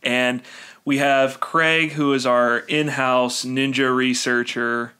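A man's voice: mid-range voice, flat delivery, takes it slowly, sharp tone, smooth. A young man hosting a casual podcast chat, joking, laughing often, talking in a loose, rambling way. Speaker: podcast host.

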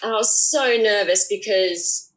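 A woman, a DJ, telling candid anecdotes in a relaxed casual chat. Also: medium pitch, measured pace, poor audio. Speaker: DJ and guest.

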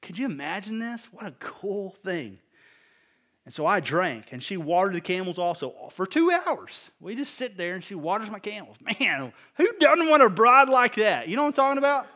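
A man's voice: high voice, sing-song, moderate pace, pushed and bright. A man preaching a sermon to a congregation, reading scripture and adding casual joking asides before building to emphatic appeals. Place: room with a live congregation.

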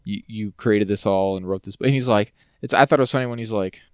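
A man's voice: fairly low pitch, fast, smooth, dry recording, clean studio sound. A man co-hosting a podcast, chatting casually and playfully as he recaps a TV episode, drifting into silly voices. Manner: rambling, playful, acts out lines in silly voices. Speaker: podcast co-host.

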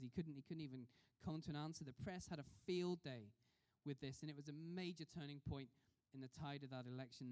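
A man's voice: fairly high pitch, darkish tone. Man preaching in a reverberant hall. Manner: conversational, asks the congregation questions. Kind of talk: sermon.

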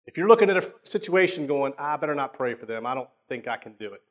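A man preaching a sermon in a conversational way, often checking in with his listeners and repeating words, slowing down to stress points. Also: medium pitch, lively intonation.

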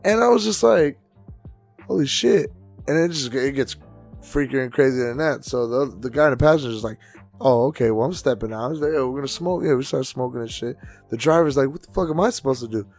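A man co-hosting a podcast, telling loud, profane stories in a casual way and acting out other people's voices with big swings in pitch and volume. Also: fast, faint music behind. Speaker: podcast co-host and DJ.

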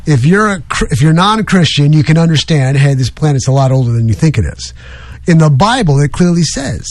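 A man's voice: fairly high pitch, animated, brisk, darkish tone. Rambling jokey male talk-radio host. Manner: rambling, jokey, self-deprecating. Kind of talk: casual talk radio banter.

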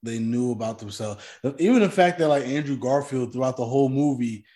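A man co-hosting a casual movie discussion, speaking in a measured, hesitant way, often restarting his phrases. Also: medium pitch, mellow. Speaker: podcast co-host.

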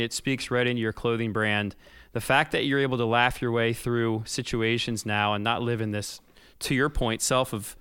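Bright, smooth-voiced male podcast host. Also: mid-range voice, no room sound, studio quality. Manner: earnest, encouraging questions with short affirmations. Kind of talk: casual podcast interview.

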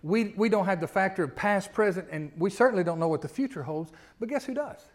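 High-voiced preaching man. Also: animated, fast. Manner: conversational preaching, rising to loud emphatic peaks, frequent rhetorical questions. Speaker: pastor. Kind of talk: sermon.

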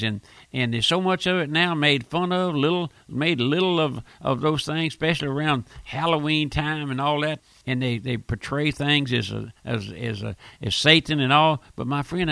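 Male radio preacher, gravelly and fervent, dry close-miked delivery. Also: mid-range voice, fairly bright tone, no echo. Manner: fervent, repeats phrases, stumbling restarts. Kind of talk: radio sermon.

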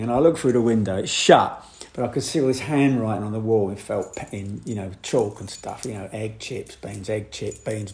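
A man, a photographer, telling a rambling, animated anecdote with frequent laughs. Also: mid-range voice. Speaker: photographer guest. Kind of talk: anecdote in casual chat.

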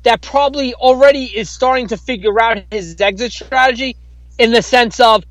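A man's voice: extremely high pitch, moderate pace, a bit bright, no room sound, low-quality recording. A man co-hosting a casual podcast, arguing his point emphatically and swearing often. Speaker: podcast co-host. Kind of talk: casual wrestling chat.

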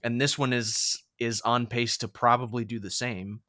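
A man's voice: medium pitch, fairly even intonation, normal speed, bright, forceful tone, dry recording, studio quality. A young man co-hosting a podcast, chatting casually with lots of fillers and restarts. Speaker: podcast co-host. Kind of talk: casual chat.

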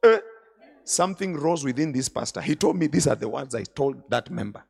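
A man preaching a sermon at a conference, retelling scripture and stories with dramatic swings from quiet to shouting. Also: medium pitch, lively intonation, a little fast, creaky, husky. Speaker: bishop preaching. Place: large conference hall.

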